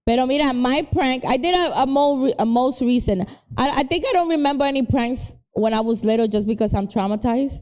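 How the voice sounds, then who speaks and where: A middle-aged woman with a New York accent tells stories with lively energy, tossing in Spanish exclamations. Her voice sits a little high for a woman. She talks like a podcast co-host in a loose, casual chat. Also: a little fast, hardly any pauses. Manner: animated storyteller, mixing Spanish exclamations.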